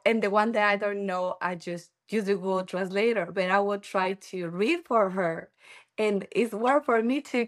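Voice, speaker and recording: A woman from Ecuador, a native Spanish speaker with a Spanish accent, chatting as an interview guest and laughing often as she tells family stories. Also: medium pitch. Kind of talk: casual interview.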